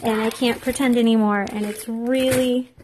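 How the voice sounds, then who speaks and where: Rambling, self-deprecating mom vlogger. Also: female voice, fairly high pitch, fairly even intonation, moderate pace, darkish tone, a little hiss or hum. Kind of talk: casual chat while baking.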